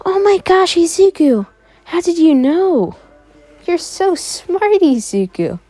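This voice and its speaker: A woman voicing a caring, gentle mother who speaks softly and dotingly. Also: on the high side, expressive, a little slow, faint music behind. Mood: amazed.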